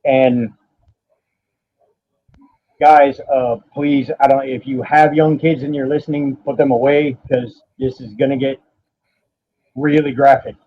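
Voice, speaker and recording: A man, a podcast guest telling a painful personal story in a halting, profane way, stopping now and then to steady himself. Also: mid-range voice. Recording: dull lo-fi audio.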